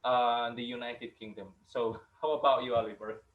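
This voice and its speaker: A man's voice: mid-range voice, level tone, normal speed, phone-quality sound. A man from Indonesia hosting an online Q&A, reading out viewer questions with many fillers and restarts. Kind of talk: casual online Q&A. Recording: echoey room.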